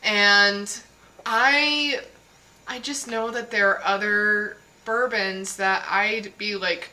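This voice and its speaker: A woman's voice: medium pitch, steady tone, slow pace, sharp tone, low-quality recording. A young adult woman in casual chat as a co-host, candid and self-deprecating about her tastes.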